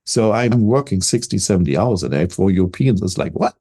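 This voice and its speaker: An energetic, self-assured older business coach from Germany speaks with a German accent in a relaxed interview. His voice sits low, slightly rough, at a fairly quick pace, and he frequently repeats words as a thought gets going.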